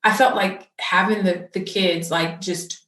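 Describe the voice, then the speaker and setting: A woman's voice: on the low side, fairly even intonation, measured pace, fairly bright tone. A woman hosting a podcast interview in a casual, effusive manner, laughing easily. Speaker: podcast host. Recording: roomy, distant from the mic.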